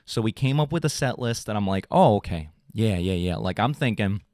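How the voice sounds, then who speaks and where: A young adult man, a podcast host, ranting in an animated, casual, swearing way. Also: fairly quick, no room sound, clean studio sound. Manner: animated, swearing, mocking voices in high pitch. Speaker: drummer in a pop punk band. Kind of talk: casual comedic rant.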